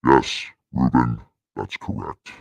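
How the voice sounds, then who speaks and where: A man putting on a demonic deep voice through a voice changer, growling crude threats and jokes as a channel host. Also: lively intonation, slow, vocal fry, dry recording, full character voice. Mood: joking.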